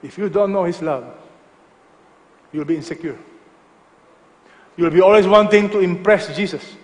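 A male pastor preaching a sermon emphatically, dropping to soft, low tones for effect. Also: normal speed, in a large hall.

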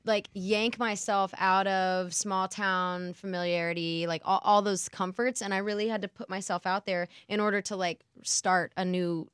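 A young woman in her twenties with a faint Southern accent talks as a guest in a casual radio interview. Her voice is smooth and clear, and she is bubbly and chatty, dotting her sentences with "like." The sound is close and dry. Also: medium pitch, flat delivery, normal speed, few pauses, fairly bright tone, no echo. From Mississippi, US. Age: 20s. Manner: bubbly, laughs often, lots of "like". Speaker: guest singer.

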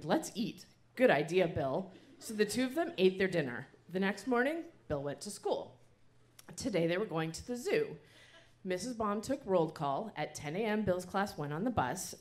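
A woman reading her own childhood story aloud to a live audience, in an animated, amused storytelling manner. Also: on the low side. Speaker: reader of her childhood writing.

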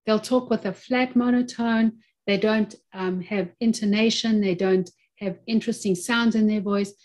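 A woman's voice: medium pitch, fairly even intonation, moderate pace, darkish tone. A woman in her fifties, an occupational therapist speaking as a guest in a webinar interview, talking earnestly and repeating phrases to stress her points over a video-call microphone.

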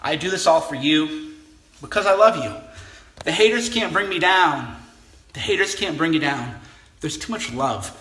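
A man's voice: a little high, animated, normal speed, pauses often, bright, forceful tone. Man, political commentator, emphatic, repetitive, roomy echoey recording. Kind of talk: direct-to-camera address to supporters.

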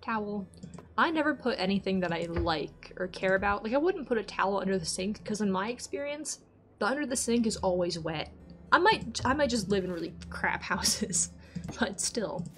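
Chatty woman streamer, quick to get exasperated. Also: medium pitch, lively intonation. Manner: chatty, talks to herself, easily exasperated. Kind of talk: casual let's-play chat.

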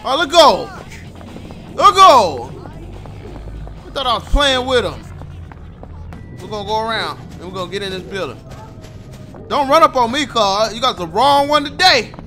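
A brash man doing loud gaming commentary, full of trash talk and frequent shouts. His voice sits high and bright and swings widely in pitch. Faint music plays behind him. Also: big pitch swings, moderate pace, long pauses. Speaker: gameplay commentator.

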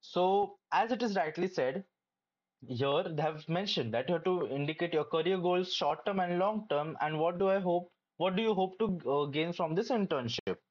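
A young adult medical student giving casual, hesitant advice with many pauses and restarts. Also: mid-range voice, a little mellow, muffled recording.

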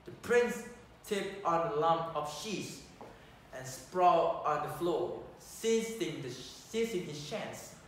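A teenage male student reading a children's story aloud, slow and halting, often correcting himself. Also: a little high, lively intonation. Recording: echoey room, distant mic, faint noise.

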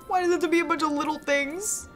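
A woman's voice: high voice, fairly even intonation, fast. A young woman streaming a game, chatting to her viewers and giggling often as she plays. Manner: chatty, giggly, talks to chat while playing. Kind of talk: casual live-stream gameplay chat. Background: game music.

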